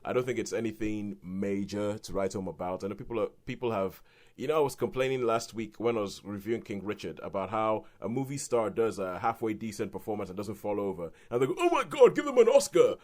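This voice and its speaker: A British man co-hosting a podcast, reviewing films in a rambling, animated way with restarts and laughs. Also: lowish voice, a little fast. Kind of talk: casual film review chat.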